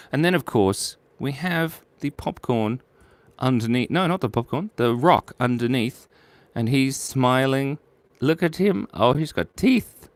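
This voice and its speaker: A man streaming live as he draws viewers' requests, playful and giggly, reading chat messages aloud. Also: no room sound. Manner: swoops from squeaky highs to low mumbles.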